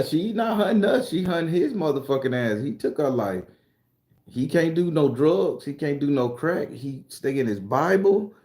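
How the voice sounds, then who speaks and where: A middle-aged man from South Carolina, casually telling stories and answering viewer comments on a livestream in a loud, profane, laughing way. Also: medium pitch. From South Carolina, USA. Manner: animated, profane, laughing storyteller. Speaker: YouTube tarot reader and storyteller. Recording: roomy echo.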